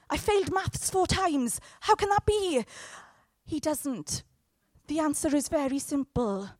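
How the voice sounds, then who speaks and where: A woman preaching a sermon in a lively, chatty way, with joking asides and sudden loud bursts. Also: high voice, no echo.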